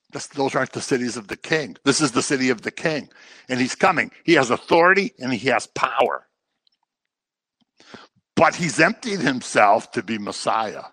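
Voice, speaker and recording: A man's voice: mid-range voice, pushed and bright, dry recording. A man teaching through a Bible passage verse by verse, conversational and explanatory with humorous asides.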